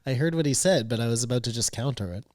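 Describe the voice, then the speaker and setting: A man co-hosting a podcast in casual chat, arguing his points with halting restarts. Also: mid-range voice, darkish tone, dry recording, clean studio sound. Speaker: podcast co-host.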